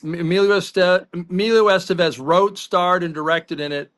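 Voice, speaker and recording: A middle-aged man co-hosts a sports podcast with a bright, slightly high voice. He tells long, rambling stories in a relaxed, chatty way. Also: normal speed. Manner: rambling anecdotal storyteller. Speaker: podcast co-host. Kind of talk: casual podcast chat.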